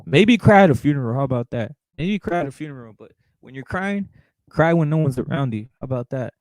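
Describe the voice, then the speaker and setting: A man's voice: medium pitch, animated, brisk, darkish tone, dry recording, rough recording. A young man hosting a casual boxing chat show, blunt and profane, repeating himself and calling his viewers brother as he reacts to live chat. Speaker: boxing talk show host.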